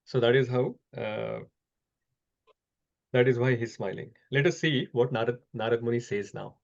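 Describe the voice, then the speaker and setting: A man teaches a scripture class in a calm, explanatory way, pausing often to think. His voice sits at a middle pitch, and the online call audio is a little dull and lo-fi. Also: gravelly. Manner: measured, explanatory, frequent "uh" pauses.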